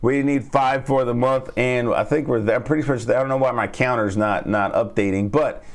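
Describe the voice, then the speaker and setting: A man's voice: medium pitch, steady tone, moderate pace. A man hosting a live trading lesson. He repeats his key points, stops to ask "all right?" after each one, and reads and answers the live chat. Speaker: trading coach and stream host.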